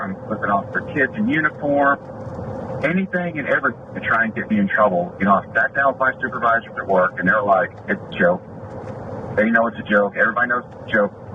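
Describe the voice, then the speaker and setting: A man's voice: fairly low pitch, distant mic. A middle-aged man, an off-duty deputy, indignantly retelling a traffic stop and acting out both sides of the quarrel. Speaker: off-duty deputy making a complaint. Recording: lo-fi dash cam audio with noise.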